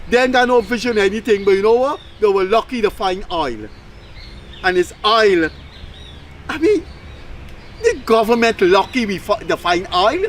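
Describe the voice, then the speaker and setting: Guyanese guy ranting on a talk show, really high voice, bit of hiss behind. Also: moderate pace, long pauses, low-quality recording. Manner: animated, emphatic, mocking asides. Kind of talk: opinionated commentary.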